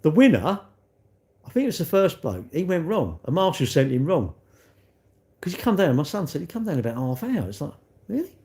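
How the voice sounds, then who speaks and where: A man's voice: fairly high pitch, very animated, a little fast, a little mellow. A man hosting a live stream, chatting in a rambling, self-mocking way and answering viewers.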